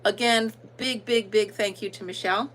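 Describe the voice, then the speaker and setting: A woman with an American country accent hosts a casual livestream, greeting viewers by name and chatting with plenty of ums. Her mid-range voice is fairly even in intonation, moderately paced, and fairly bright. The recording is rough with slight background noise.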